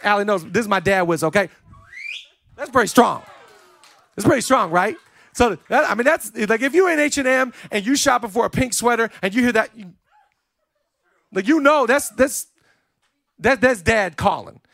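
High-voiced man preaching on a dry mic. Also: animated, normal speed, gravelly, dry recording. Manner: preaching with rising, shouted emphasis; repeats words, builds lists. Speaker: pastor. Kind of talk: sermon. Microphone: handheld microphone.

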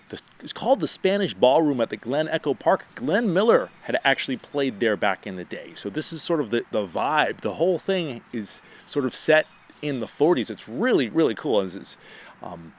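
Animated man hosting a radio show. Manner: animated, self-deprecating, rises in pitch when excited. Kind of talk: casual storytelling monologue.

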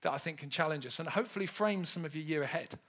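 A man's voice: on the high side, fast, a bit bright. A man in his thirties preaching a humorous sermon, telling stories with self-mocking humour.

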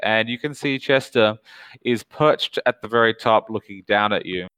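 Male game master, low and smooth, dry close sound, measured narration. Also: fairly bright tone, dry recording, rough recording. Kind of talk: narrating a tabletop horror game.

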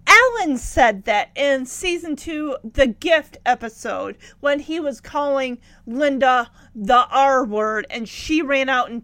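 A woman's voice: high-pitched, sharp tone, no room sound. A woman chatting casually as she recaps an old TV episode and talks back to its characters. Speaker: show recapper.

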